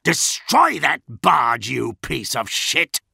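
A man's voice: mid-range voice, very animated, slow, vocal fry, bright, forceful tone, husky, dry recording, clean studio sound, voice pushed up, exaggerated voice. A man voicing an arrogant, violent male lord commander who snaps and bellows orders. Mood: bellowing. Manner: snapping, bellowing.

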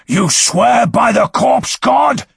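A man's voice: very high-pitched, expressive, takes it slowly, creaky, husky, no room sound, clean studio sound, voice pushed up, exaggerated voice. A man voicing a cruel giant armored warrior with a guttural, roaring voice in an audiobook. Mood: raging.

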